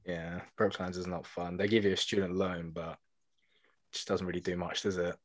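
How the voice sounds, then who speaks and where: A man's voice: deep voice, flat delivery, moderate pace, no echo. A young man, chatting casually as a podcast co-host, full of "like" fillers and laughing often. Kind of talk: casual chat.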